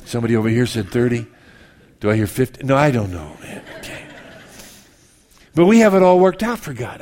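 A man's voice: mid-range voice, fairly quick, long pauses, a little mellow. A male pastor preaching a sermon in a conversational way, acting out people's prayers with humorous asides.

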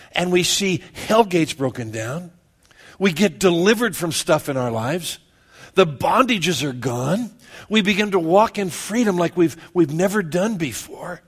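A man preaching a sermon in a casual, conversational way, often calling his listeners "man" and "guys", repeating words as he builds, and moving between loud and hushed delivery. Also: on the high side, breathy edge.

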